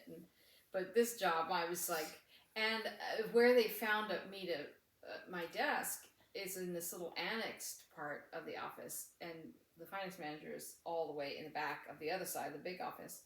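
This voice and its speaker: A woman's voice: low-pitched, moderate pace, echoey room, recorded from a distance, poor audio. A woman co-hosting a casual craft chat, telling stories in a chatty way with frequent laughter. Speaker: podcast co-host.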